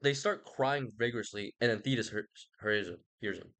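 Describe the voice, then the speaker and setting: A man's voice: mid-range voice, fairly quick, a bit bright. A young man rambling casually about a book he read, slangy and profane. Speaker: host.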